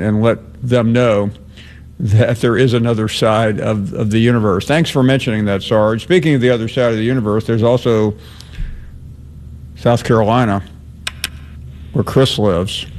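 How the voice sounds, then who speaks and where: A man hosting a talk radio show, answering callers in a friendly, quick, conversational way. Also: fairly low pitch, a little mellow. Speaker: radio host.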